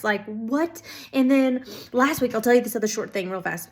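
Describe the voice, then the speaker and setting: A woman telling stories of answered prayer to her viewers, casual and excited, with lots of "um"s and "like"s. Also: a little high, moderate pace. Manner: excited, filler-heavy, many "like"s and "um"s. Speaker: ministry school student. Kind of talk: casual testimony storytelling.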